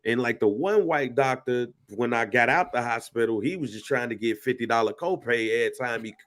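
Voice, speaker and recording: Talking fairly quickly at a medium pitch, this man co-hosts a podcast and recounts a story in a loose, animated way. His chat is profane and full of slang.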